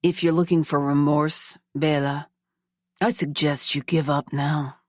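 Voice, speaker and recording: A woman voicing a cold, dangerous, dominating man in a romance audiobook, in a slow, low, menacing murmur. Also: fairly even intonation, a little mellow, no echo, clean studio sound.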